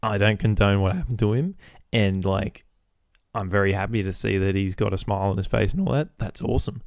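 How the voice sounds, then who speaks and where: A man's voice: lowish voice, brisk, vocal fry, darkish tone, no room sound, clean studio sound. A young Australian man hosting a solo podcast, rambling casually and swearing freely. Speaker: podcast host.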